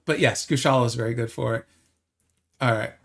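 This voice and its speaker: Here a man with a gravelly, medium-pitched voice and fairly even intonation talks briskly. While streaming a game, he chats casually with viewers, answers their comments, and restarts his thoughts a lot.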